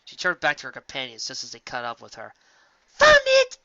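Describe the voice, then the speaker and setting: A man reads a fan-fiction story aloud in a plain, unpolished way, stumbling now and then. His voice is bright and dry, and the recording is dull and lo-fi. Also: medium pitch, quick pace, gravelly, no echo. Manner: plain reading with slips and restarts.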